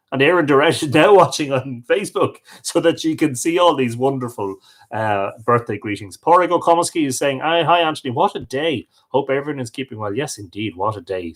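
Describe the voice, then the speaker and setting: A man hosting a livestream, reading out viewers' comments and greeting each one by name. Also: mid-range voice. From Ireland. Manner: friendly, reads out viewer comments and answers them. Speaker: livestream host. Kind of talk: reading live chat greetings.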